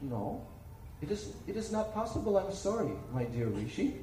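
A man voicing a calm, gentle male god who speaks softly and tenderly. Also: sits high, moderate pace, slight background noise. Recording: echoey room, distant mic.

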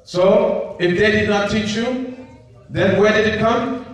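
A man playing a furious demon king who shouts threats at his son's teachers. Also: high-pitched, slow pace, pitched above the performer's own voice. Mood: demanding. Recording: very echoey hall, distant mic.

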